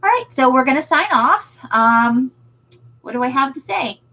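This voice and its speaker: A woman with a somewhat higher-pitched voice chats through a casual livestream about her craft shop. She answers viewer comments in a loose, self-deprecating way. She laughs easily. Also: animated, normal speed, sharp tone, poor audio.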